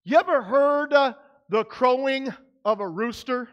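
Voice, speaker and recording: High-voiced preaching pastor. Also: male voice, unhurried, clean tone, muffled recording. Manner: conversational preaching with frequent fillers. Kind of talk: sermon. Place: church sanctuary.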